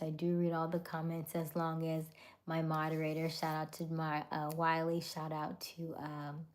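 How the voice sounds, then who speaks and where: A woman hosting a live stream, greeting viewers by name and giving gentle, encouraging advice. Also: deep voice. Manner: greets viewers and reads comments aloud.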